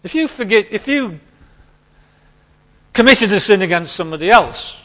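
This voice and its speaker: A man preaching a sermon to his congregation, emphatic and animated, repeating his key points. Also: high voice, moderate pace, lo-fi sound.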